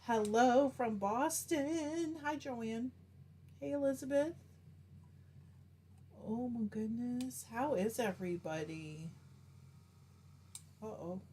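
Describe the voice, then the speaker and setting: A woman's voice: a little high, expressive, slow pace, long pauses, warm tone, slight background noise. A middle-aged woman hosting a casual live stream, chatting and greeting viewers by name as she reads their comments.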